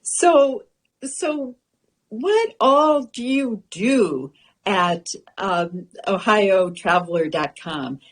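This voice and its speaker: A woman hosts a casual radio interview at a slow, unhurried pace. She asks her questions with small restarts and friendly reactions. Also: medium pitch, animated. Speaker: radio show host.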